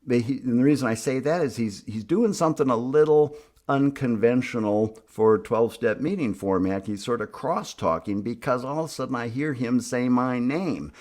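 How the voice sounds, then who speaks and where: A man telling a personal story in an animated, emphatic way, acting out what people said. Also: mid-range voice. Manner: animated, emphatic, acts out quoted speech. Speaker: speaker on youth addiction treatment.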